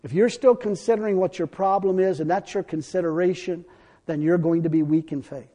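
A man preaching a fiery sermon, folksy and blunt, now and then breaking into shouts. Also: high voice, fairly even intonation, a little fast.

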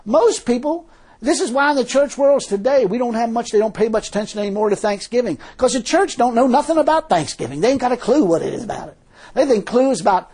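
Husky preacher going off in a sermon, folksy and emphatic, keeps asking the crowd questions. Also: medium pitch, expressive, brisk, darkish tone.

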